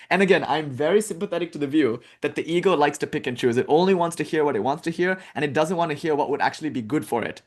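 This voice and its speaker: A young man giving a casual, animated talk on spiritual texts as a teacher, wandering into tangents and jokes. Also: on the high side, fast, hardly any pauses. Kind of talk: casual lecture on scripture.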